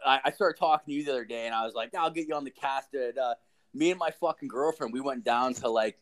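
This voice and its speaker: A man's voice: medium pitch, fast talker. A young man from Ontario, Canada, hosting a podcast and telling a rambling story in casual chat, swearing constantly. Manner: profane, rambling, animated storyteller. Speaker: podcast host.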